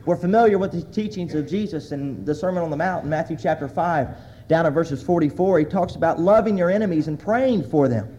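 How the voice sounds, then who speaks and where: A man's voice: a little high, a little fast, dark tone, muffled recording, a little hiss or hum. A man preaching a sermon as a pastor, earnestly reading scripture aloud with emphasis.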